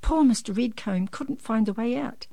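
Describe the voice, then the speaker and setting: A woman reading a children's picture book aloud in an expressive, lively storytelling manner. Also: on the high side, normal speed, creaky, no echo.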